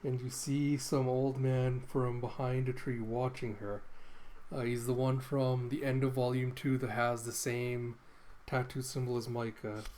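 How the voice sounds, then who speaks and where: A man's voice: mid-range voice, flat delivery, a little slow, a little mellow, a little hiss or hum. A man hosting a comic readthrough, retelling the story in a loose, filler-laden way. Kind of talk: casual comic recap.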